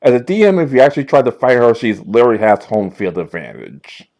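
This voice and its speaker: A man narrating as game master of a tabletop role-playing session, telling the story in an animated way with frequent stumbles and restarts. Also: medium pitch, fast.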